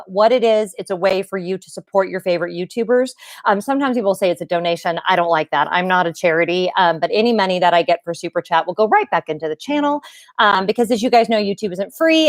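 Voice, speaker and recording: A woman's voice: medium pitch, no echo, clean studio sound. A middle-aged woman hosting a casual live stream from home, bubbly and chatty as she greets viewers by name. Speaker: YouTube live stream host.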